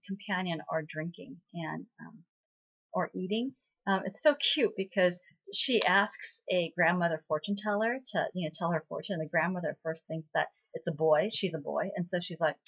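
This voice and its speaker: Woman, casual recap vlogger, lowish voice, rambling and chatty, slightly muffled home recording. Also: a bit bright. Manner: chatty, lots of fillers, acts out quoted lines.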